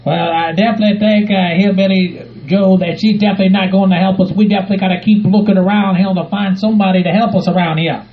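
A man's voice: high voice, fairly even intonation, fast, few pauses, voice pushed down, natural voice. A man voicing a bewildered hillbilly sidekick with a drawl, repeating himself. The recording sounds dull and lo-fi.

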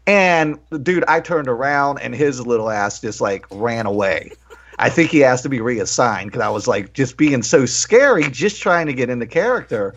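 Guy cohosting a chat show, tells stories all animated and swears a lot, kinda dull lo-fi sound. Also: medium pitch, normal speed. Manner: animated, profane, acts out quotes loudly. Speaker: podcast co-host. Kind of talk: casual storytelling chat.

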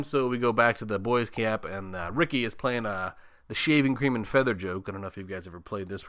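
A man's voice: fairly low pitch, fairly bright tone, no echo, clean studio sound. A man giving a casual, joking recap of a movie, swearing freely and acting out the characters' lines. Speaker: podcast host.

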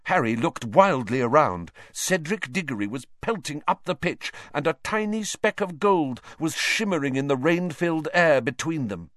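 A man reading a story aloud with expressive narration and voices for the characters. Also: on the high side, moderate pace, few pauses, no echo, studio quality. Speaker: audiobook reader.

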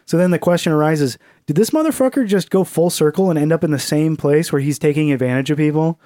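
He's a podcast co-host who talks fast in a high-ish, mellow voice, keeping the comedy chat loose, profane and packed with fillers, with the occasional mocking voice. The recording is dry and studio quality.

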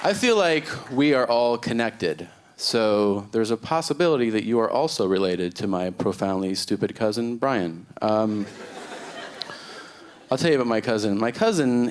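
Exasperated male stand-up comic. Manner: exasperated, jumping into high shouted outbursts. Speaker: stand-up comedian. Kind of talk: stand-up comedy set. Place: comedy festival stage.

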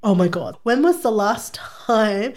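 A woman in a casual chat, animated and laughing often as she reads old ads aloud. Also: mid-range voice, unhurried.

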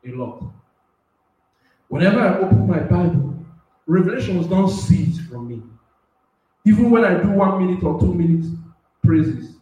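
A man preaching a sermon on a radio platform, swinging between loud shouting and soft asides and laughing often. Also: sits high, very echoey, distant mic, poor audio.

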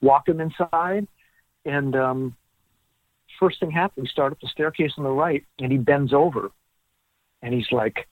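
Male guest storyteller, animated, plays out the dialogue; tinny, dry phone-line audio. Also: medium pitch, unhurried, pauses often, no echo. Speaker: guest author. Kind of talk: storytelling in a podcast interview.

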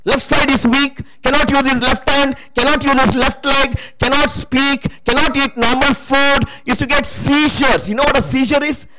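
A man's voice: extremely high pitch, little pitch movement, moderate pace, hardly any pauses, rough recording. A man preaching a sermon testimony, emphatic and calling out to the congregation for responses.

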